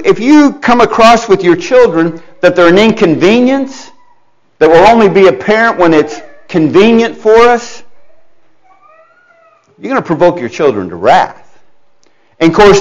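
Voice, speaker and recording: A man delivers a sermon in a high, lively voice that leaps up and down as he drives his points home. He talks to his listeners directly, breaks off into asides, and puts on the voices of the parents he quotes. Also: lo-fi sound. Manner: animated, emphatic, acts out quoted parents; conversational, with restarts and asides to listeners. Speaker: preacher.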